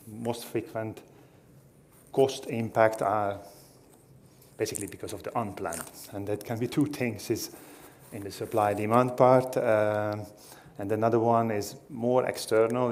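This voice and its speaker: A man with a lowish voice answers as a panelist at a conference. He explains in a measured way and repeats a word now and then as he thinks. A faint hiss sits under the recording. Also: a little mellow. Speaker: panelist, head of logistics.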